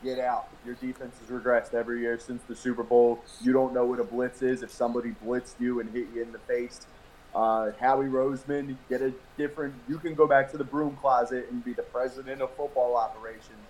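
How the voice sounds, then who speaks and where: A man's voice: medium pitch, little pitch movement, fairly quick, darkish tone, a little hiss or hum, rough recording. A man talking casually on a sports podcast, blunt and profane as he rants. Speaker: podcast co-host.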